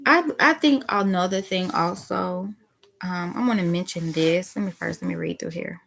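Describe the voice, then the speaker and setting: A soft-spoken woman giving a reflective spiritual talk as a teacher. She thinks aloud with restarts and bursts into sudden excited exclamations. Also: lowish voice, normal speed, vocal fry, a little hiss or hum.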